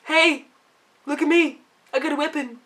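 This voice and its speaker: A woman's voice: sits high, fairly even intonation, moderate pace, a bit bright, voice pushed up. A woman mimicking a lazy, boastful male dwarf companion who stands around in battle, in a mocking sing-song voice.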